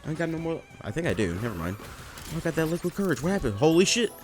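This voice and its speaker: A man's voice: a little high, big pitch swings, fast, a little mellow, soft background music. A young man casually commentating his gameplay, rambling and self-deprecating and swearing often. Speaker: let's play gamer.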